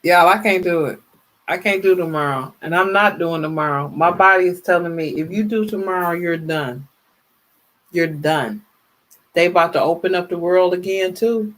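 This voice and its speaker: Speaking at a moderate pace in a lowish voice, this woman in her fifties chats on a casual livestream and reads out viewer comments. She sounds tired and worn out, yet stays chatty and animated, laughing often and addressing her audience as "y'all."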